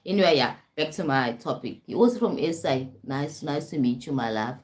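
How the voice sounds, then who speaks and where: Low-voiced South African woman host. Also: expressive, moderate pace, a little mellow. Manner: rhetorical, keeps checking in with "right?" and "you understand?". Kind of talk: casual live-stream talk on self-help.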